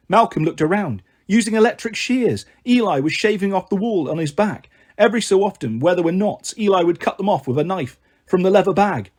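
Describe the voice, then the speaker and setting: Guy reading a kids book out loud, bouncy high voice, a bit breathy. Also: brisk. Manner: lively, acts out every character with shifting voices. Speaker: storyteller. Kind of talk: audiobook reading of a children's novel.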